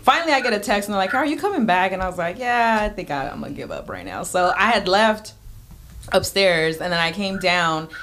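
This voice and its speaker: Young woman rattling off a story on a radio show, super quick, doing voices, faint clicky noise. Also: medium pitch. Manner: animated, acts out quotes with lots of "like". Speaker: in-game host guest.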